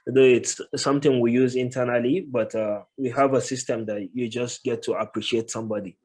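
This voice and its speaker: A man's voice: mid-range voice, steady tone, a little mellow, breathy edge. A man giving casual interview answers as a guest, thoughtful and stopping often on "uh" while he explains his work. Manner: thoughtful, many filler pauses. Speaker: guest, tech professional.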